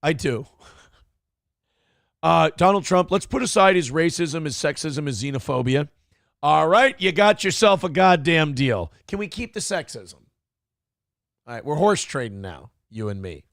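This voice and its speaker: A man hosts a reaction show, his gravelly voice swinging lively up and down as he mocks what he hears. He is sarcastic and swears freely. The sound is dry and close. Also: a little high, moderate pace, no echo. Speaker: show host. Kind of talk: profane reaction commentary.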